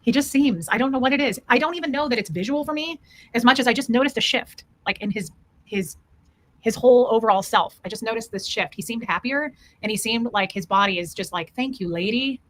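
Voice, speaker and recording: A woman's voice: on the high side, fast talker. A woman hosting a casual livestream, chatting and greeting viewers by name as she rambles through updates.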